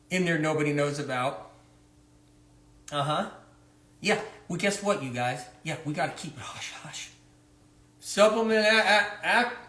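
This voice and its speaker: A man's voice: high voice, fairly bright tone. A man hosting a live social media talk, speaking in rambling, conspiratorial asides. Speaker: host. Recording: roomy echo.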